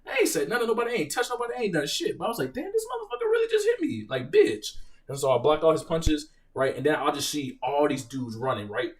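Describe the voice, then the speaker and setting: A young man hosting a casual live Q&A, reading out viewer questions and telling stories in an animated, profane way. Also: on the high side, fast, few pauses, far from the mic. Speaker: live stream host, Marine veteran.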